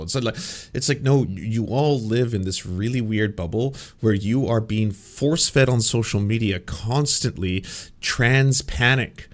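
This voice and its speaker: A man's voice: on the low side, measured pace. Sarcastic man doing reaction commentary. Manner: sarcastic, mocking impressions. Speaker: commentary host.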